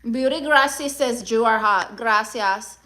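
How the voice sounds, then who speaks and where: Sassy high-voiced woman with Spanish-accented English. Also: measured pace, bright, forceful tone. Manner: sassy, mock-demanding, greets viewers by name. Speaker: livestream comedian. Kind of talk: livestream chat reading.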